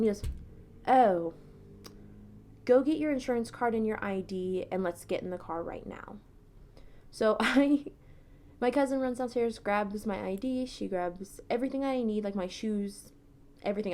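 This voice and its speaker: A woman's voice: a little high, normal speed, a little mellow. A young woman telling a personal story in a casual, chatty way, full of "like" fillers. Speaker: TikTok creator.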